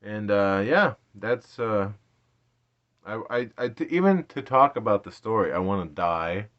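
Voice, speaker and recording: A man's voice: on the low side, big pitch swings, unhurried, dull audio. A man in his late thirties casually telling an embarrassing story, rambling, self-deprecating and laughing often. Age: 30s. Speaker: vlogger.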